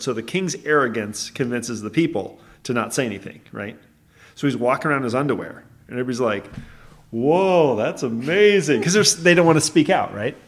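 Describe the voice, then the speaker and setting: Gravelly podcast guy rambling thru a story, keeps fixing what he just said. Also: mid-range voice, a bit bright. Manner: rambling, self-correcting storyteller. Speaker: podcast co-host. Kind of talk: casual chat.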